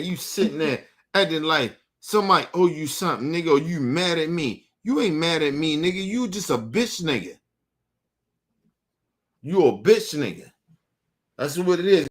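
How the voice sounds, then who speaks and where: A man's voice: fairly high pitch, a bit bright. A man delivering an angry, profane monologue to his audience, repeating himself and challenging his target directly. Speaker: show host.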